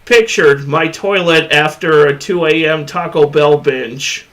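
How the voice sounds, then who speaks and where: A man in a casual reaction chat, cracking deadpan jokes and laughing often. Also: on the high side, measured pace.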